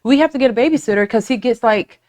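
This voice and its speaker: Speaking quickly in a voice on the high side, this forties-something podcast host tells animated stories in casual conversation. She drops into voiced asides and doesn't hold back on profanity.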